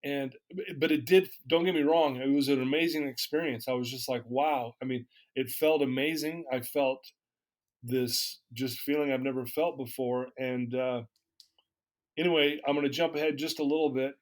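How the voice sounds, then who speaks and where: A man's voice: medium pitch, fairly even intonation, normal speed. A man guest in an interview, candidly telling a personal story and acting out the dialogue he recalls. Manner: candid, acts out quoted dialogue.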